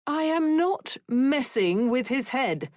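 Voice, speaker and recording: A woman's voice: fairly high pitch, very animated, unhurried, no echo, studio quality, pitched above the performer's own voice. A woman voicing a stern mother who questions coldly and sharply. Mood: insistent. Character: stern mother, cold and demanding.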